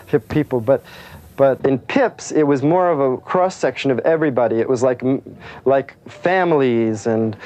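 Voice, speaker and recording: A man, a comedian, answering interview questions in a soft-spoken, meandering way, with many fillers. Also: medium pitch.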